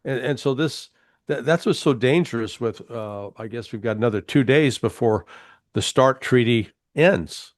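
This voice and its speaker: A man's voice: medium pitch, no echo. Emphatic man, dry sound. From United States. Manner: emphatic, hesitant restarts, slows down to stress points. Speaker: guest commentator. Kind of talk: political interview talk.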